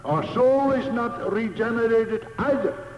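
A man preaching a sermon, slow and emphatic, repeating key phrases for weight. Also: very high voice, a little hiss or hum. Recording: echoey hall, dull lo-fi sound.

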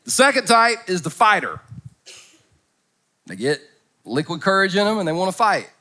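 A middle-aged male pastor giving a humorous sermon at a church service, storytelling with comic impressions and swinging from soft to loud. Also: high-pitched, big pitch swings, normal speed.

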